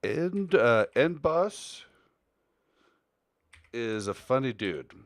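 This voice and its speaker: A man co-hosting a live podcast in casual chat, animated and shifting between his deeper everyday voice and a lighter, softer one. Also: very slow, no room sound, clean studio sound. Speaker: podcast co-host and streamer.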